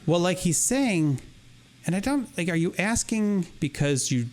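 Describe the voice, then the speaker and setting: A man co-hosting a podcast spins a rambling anecdote in a relaxed, chatty way. His voice sits a bit high for a man and swoops up and down as he acts out bits of dialogue. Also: unhurried. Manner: animated, rambling, acts out quoted dialogue with laughs. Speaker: podcast co-host. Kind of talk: casual storytelling chat.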